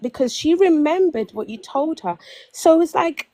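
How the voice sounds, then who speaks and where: Here a panel caller from London, a young woman with a high voice, spins a lengthy personal tale at a moderate pace. The recording is dry, and she keeps acting out what people said and starting her sentences over in lively, chatty fashion.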